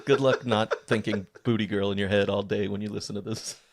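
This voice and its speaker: A man's voice: on the low side, fairly even intonation, fairly quick. A man co-hosting a comedy podcast who explains things in a dry, wry way. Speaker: podcast co-host. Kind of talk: casual comedic chat.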